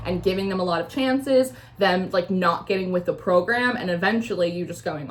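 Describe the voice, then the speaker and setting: A woman's voice: fairly low pitch, a little fast, hardly any pauses, a little hiss or hum. A young woman giving a casual intuitive tarot reading, rambling with many fillers and acting out quoted voices. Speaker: tarot reader.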